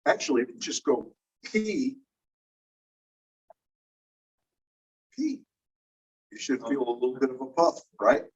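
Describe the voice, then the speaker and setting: A man's voice: mid-range voice, steady tone, quick pace, slightly rough. A man teaching a class, explaining ideas step by step and asking the students questions. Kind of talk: classroom lecture. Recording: distant, dull room recording.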